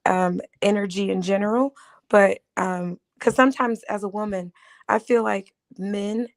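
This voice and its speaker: A woman guest on a casual panel, her voice raspy and gravelly from a lingering cold. She talks earnestly in a flat, even tone and slips small laughs between her phrases. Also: medium pitch, measured pace. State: raspy voice from a respiratory illness.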